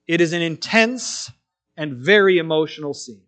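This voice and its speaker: A man with a notably high voice preaches a sermon. He tells the story with animation and shifts into different voices for the quotes he acts out. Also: expressive, normal speed, a bit bright.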